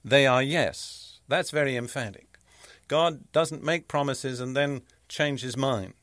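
Measured, emphatic male Bible teacher. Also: mid-range voice, fairly bright tone, no room sound, clean studio sound. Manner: measured, emphatic teaching, reading scripture aloud. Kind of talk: sermon.

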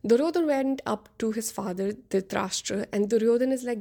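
Warm, gravelly woman telling an epic casually. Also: fairly high pitch, fairly quick, few pauses. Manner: conversational, filler-laden retelling. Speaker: podcast host. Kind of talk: casual storytelling.

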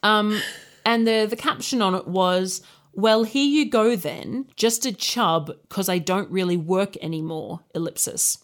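A woman's voice: mid-range voice, a little slow. A woman, co-hosting a podcast and telling a story in casual chat, candid and laughing often. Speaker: podcast co-host.

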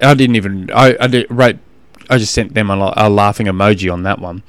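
An Australian man talks through his solo podcast in a loose, frank, rambling way, often stopping and restarting his sentences. His voice is smooth and resonant, and it is recorded close and dry with no room sound. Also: fairly low pitch, animated, normal speed, dry recording. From Tasmania. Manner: rambling, frank, exasperated storytelling with frequent restarts. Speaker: podcast host and triathlon coach. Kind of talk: casual solo podcast monologue.

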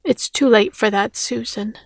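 Woman reading as a solemn, calm foreteller. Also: a little high, a little slow, vocal fry, dry recording.

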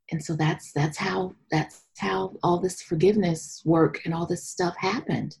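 A woman in her forties, a guest on a podcast, telling her personal story in an animated way and dropping to a whisper at times. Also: lowish voice, unhurried, gravelly, few pauses, breathy edge. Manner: animated storyteller, drops to a whisper when voicing her inner thoughts.

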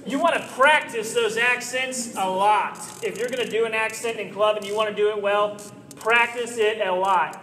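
A man giving earnest coaching tips to volunteers, often checking in with a quick "right?". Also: high voice, sharp tone. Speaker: presenter giving training tips. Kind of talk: instructional talk. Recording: echoey hall with slight noise.

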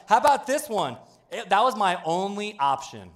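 A man preaching a humorous sermon in a church, joking with the congregation in a playful, animated way. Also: high-pitched, normal speed. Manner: playful, jokey, animated delivery. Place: church sanctuary.

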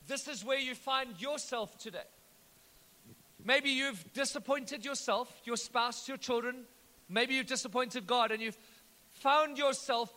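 Bright high-voiced pastor. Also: male voice. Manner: storytelling with joking asides. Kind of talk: sermon. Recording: echoey hall.

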